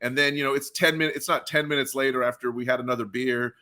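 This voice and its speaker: A man from Carolina, hosting a podcast, telling a story in an animated way full of fillers. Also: medium pitch, fast. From Carolina, USA. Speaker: podcast host. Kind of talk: casual chat.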